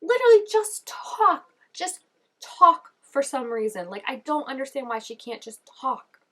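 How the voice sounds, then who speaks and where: Chatty, gushing woman reacting to a show. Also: moderate pace. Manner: gushing and chatty, full of "like" and "oh my gosh"; excitable, with sudden jumps up in pitch. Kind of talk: casual reaction commentary.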